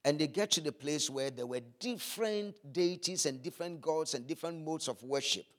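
A man's voice: fairly high pitch, a little fast, a bit bright. A man preaching a sermon, acting out scripture scenes with vivid voices, then turning earnest.

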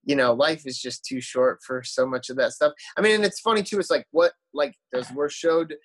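A man's voice: medium pitch, fairly quick, a bit bright, breathy edge. A man, a musician guest, telling tour stories in casual podcast chat, rambling with lots of fillers and restarts.

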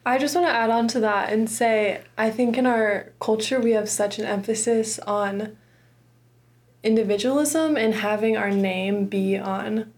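A young woman in her twenties speaks in a casual interview. She is an earnest student podcaster, relaxed and sincere, with a middle-pitched voice and frequent likes and ums. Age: 20s.

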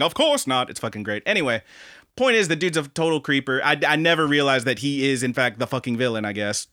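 A young man co-hosting a casual podcast, animated and profane, who acts out quoted lines in high, mocking voices. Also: quick pace, no echo, clean studio sound. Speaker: podcast co-host.

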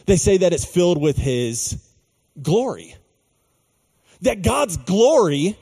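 Emphatic preacher in a reverberant hall. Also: male voice, high-pitched, warm tone. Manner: slow, emphatic preaching with dramatic pauses. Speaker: pastor. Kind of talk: sermon.

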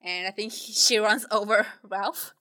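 Bright-voiced woman recapping a movie. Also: medium pitch, fairly even intonation, unhurried. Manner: rambling, giggly retelling with quoted character voices. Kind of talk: casual chat, retelling a movie plot.

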